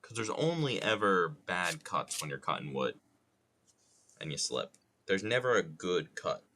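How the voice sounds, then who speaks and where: A man chats casually on a live stream as he carves wood, with a low voice that moves freely up and down. He jokes, swears mildly and mutters to himself at an unhurried pace. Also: big pitch swings, sharp tone.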